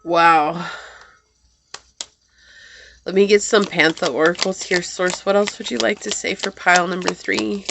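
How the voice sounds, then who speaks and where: A woman's voice: lowish voice, fairly even intonation, a little slow, creaky, long pauses, fairly bright tone, slight background noise. A woman giving a pick-a-card tarot reading, talking earnestly and thinking aloud as she pulls cards. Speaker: tarot reader.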